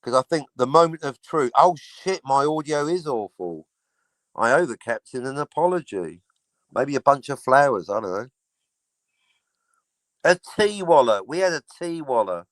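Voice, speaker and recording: A man's voice: medium pitch, lively intonation, moderate pace, no echo, rough recording. A middle-aged man, hosting a livestream and ranting sarcastically, swearing freely. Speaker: livestream host. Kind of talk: casual livestream chat.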